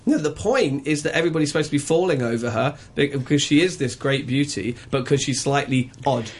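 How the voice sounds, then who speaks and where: A man talks through a film review in a casual radio chat. His voice sits at an ordinary middle pitch. He is opinionated and chatty, and fills his pauses with ums and uhs. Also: breathy edge.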